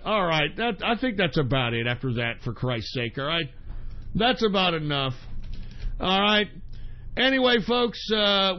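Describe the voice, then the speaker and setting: A man hosting a casual talk radio show and answering listener questions in a profane, ranting way, with sudden shouted bursts. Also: high-pitched, animated, unhurried, muffled recording.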